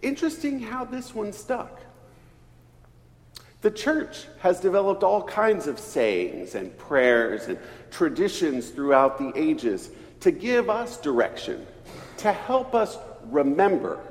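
A middle-aged man from East Texas, preaching a storytelling sermon in a church. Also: a little mellow. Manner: slow, storytelling delivery with wide swings in pitch and volume. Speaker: pastor. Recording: reverberant church hall.

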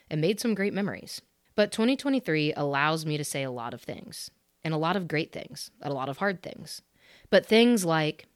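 A woman's voice: low voice, dry recording, clean studio sound. A woman in her thirties hosting a podcast, giving a candid, earnest and emphatic solo reflection. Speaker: podcast host.

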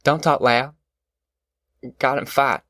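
A man's voice: mid-range voice, fairly even intonation, slow pace, a bit bright, no echo, clean studio sound. A man voicing a beaten, weary young farmhand son who speaks tersely in rural folksy speech.

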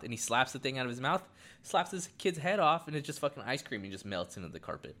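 A man co-hosting a casual podcast, swearing freely and retelling a story with animated quoted lines. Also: lowish voice, brisk. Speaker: podcast co-host. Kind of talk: casual chat.

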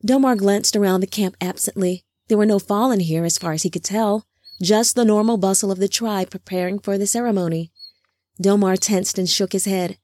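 A woman narrating a fantasy audiobook in a steady, even reading voice. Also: medium pitch, moderate pace, no room sound.

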